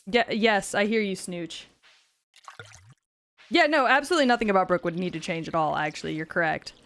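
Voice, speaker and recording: A woman's voice: mid-range voice, brisk, a bit bright. Giggly woman streamer chatting mid-game. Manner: giggly, chatty, swears often. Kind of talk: casual live-stream chat while gaming.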